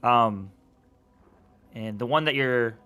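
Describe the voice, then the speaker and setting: A man running a tabletop game as dungeon master, narrating in a relaxed way with many fillers. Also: medium pitch, takes it slowly, smooth.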